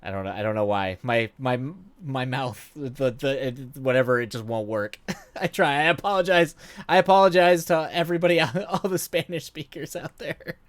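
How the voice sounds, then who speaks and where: A man's voice: mid-range voice, normal speed, a bit bright. Rambling man chatting on a game stream. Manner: rambling and self-deprecating, many fillers, hums idly. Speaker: livestream gamer. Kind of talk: casual chat with viewers while gaming. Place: at home at night.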